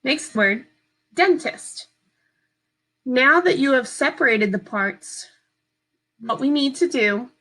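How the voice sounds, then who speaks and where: A woman teacher giving a slow, patient, step-by-step phonics lesson to young children from home. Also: fairly high pitch, bright, forceful tone, poor audio.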